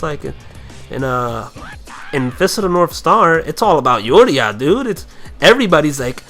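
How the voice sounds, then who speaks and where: A young man giving loose, profane gameplay commentary, rambling along and bursting into kung-fu yells. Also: medium pitch, lively intonation, moderate pace. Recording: faint game music behind.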